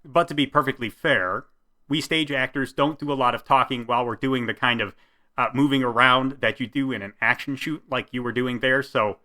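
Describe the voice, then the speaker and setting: Bright-voiced man giving measured critique. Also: medium pitch. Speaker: commentator, stage actor. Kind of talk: commentary vlog.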